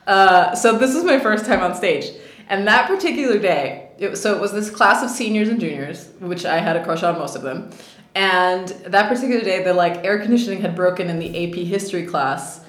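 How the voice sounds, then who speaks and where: A woman in her thirties, an actress being interviewed, tells stories in a chatty, casual way, full of laughs and fillers. Her voice is medium in pitch, animated and a little fast. The room around her is echoey.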